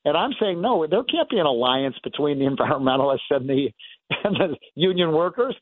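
Animated male talk radio host. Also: on the high side, fairly quick. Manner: animated, emphatic, coughs now and then. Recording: dry, phone-like narrow band.

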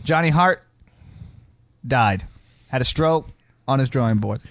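A man's voice: mid-range voice, unhurried, no echo. A man hosting a radio talk show, bantering and laughing with his co-hosts in the studio. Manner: laughing, lively and joking.

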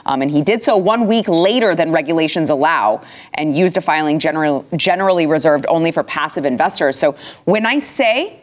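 A woman's voice: low-pitched, expressive, brisk, hardly any pauses. A woman hosting a political talk show, speaking in an emphatic, impassioned way. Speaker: host. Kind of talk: political commentary chat.

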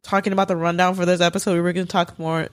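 A young woman co-hosting a podcast in casual chat, playful and expressive, with casual swearing. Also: lowish voice, rapid-fire. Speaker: podcast co-host. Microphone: podcast studio mic.

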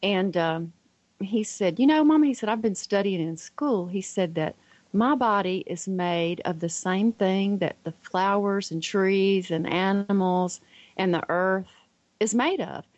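A middle-aged woman shares family stories on a radio show, lively and expressive, lifting her voice for the quoted lines. Her voice sits at a middle pitch. The recording is close and dry. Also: unhurried, no echo, low-quality recording. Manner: animated storyteller who acts out the quoted voices. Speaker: radio guest.

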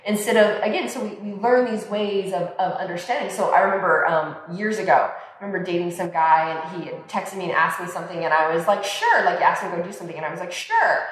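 A mother talking in a relaxed podcast chat, lively and expressive, often acting out the voices of people she quotes. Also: lowish voice, quick pace, hardly any pauses. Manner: animated, acts out quoted voices. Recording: echoey room with long reverb.

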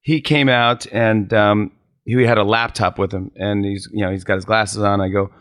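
Comedian guest, man, mid-pitched, storytelling energy, dry close mic. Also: moderate pace, no room sound. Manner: animated storyteller, slips into voices. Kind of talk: casual chat, telling anecdotes.

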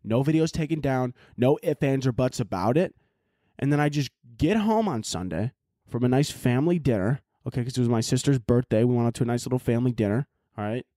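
A young man rants through his solo podcast, swearing often and wandering off topic as he vents. His voice sits at an ordinary middle pitch. The recording is dry, with no room echo. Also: animated, brisk, warm tone. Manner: profane, exasperated, rambling. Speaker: podcast host. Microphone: laptop and camera audio.

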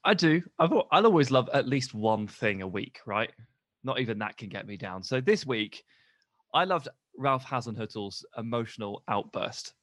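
A man's voice: mid-range voice, expressive, moderate pace, fairly bright tone, dry recording, clean studio sound. Man co-hosting a football podcast. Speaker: podcast co-host. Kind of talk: casual football podcast chat.

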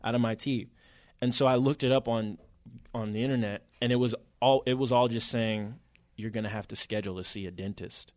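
A man's voice: medium pitch, steady tone, brisk, darkish tone, no echo, clean studio sound. A man co-hosting a podcast, telling a story in casual chat with plenty of slang and swearing. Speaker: podcast co-host.

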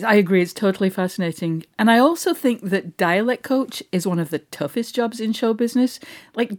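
A woman's voice: mid-range voice, darkish tone. A woman with an English accent, co-hosting a podcast in casual, chatty conversation. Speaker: podcast co-host.

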